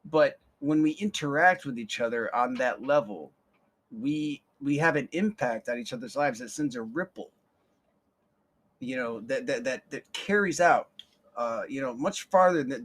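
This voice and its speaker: A man's voice: mid-range voice, expressive, normal speed, a bit bright, husky. A young man hosting a podcast, telling a rambling story with casual swearing and a lot of repeated words. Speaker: podcast host.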